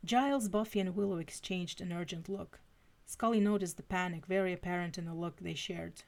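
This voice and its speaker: A woman's voice: on the low side, fairly even intonation, brisk, creaky. A woman reading fanfiction aloud on a live stream, stumbling and restarting now and then. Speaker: fanfiction reader.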